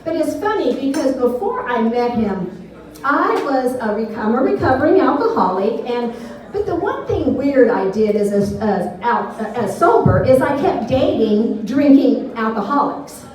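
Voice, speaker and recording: A middle-aged woman telling rambling, candid stand-up stories with a fairly high voice. She often laughs at her own jokes. The sound is very echoey and picked up from a distance, as if from the back of a small club. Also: very animated, normal speed, darkish tone. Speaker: stand-up comedian. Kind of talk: off-the-cuff stand-up storytelling. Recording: echoey room, voice from far off.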